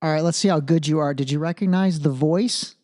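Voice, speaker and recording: A man's voice: a little high, brisk, dark tone. A man hosting a solo podcast, talking casually and thinking aloud, restarting phrases and checking in with the listener. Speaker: podcast host.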